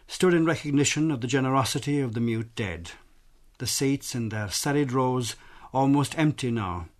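A man presenting a documentary, reading scripted narration in a measured, solemn, literary way. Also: medium pitch.

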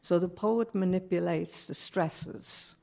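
A woman poet, not a native English speaker, talking thoughtfully on a panel with a measured, musing manner. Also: lowish voice, vocal fry, dark tone. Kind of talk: reflective panel discussion.

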